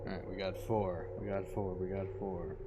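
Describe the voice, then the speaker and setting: A man running a tabletop game as game master, narrating scenes in a slow, descriptive way with casual asides. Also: deep voice, little pitch movement, heavy background noise.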